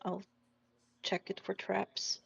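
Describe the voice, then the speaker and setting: A woman's voice: takes it slowly, a bit bright. A woman playing a tabletop game, talking casually and tentatively with "like" fillers. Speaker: player. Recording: dull lo-fi mic.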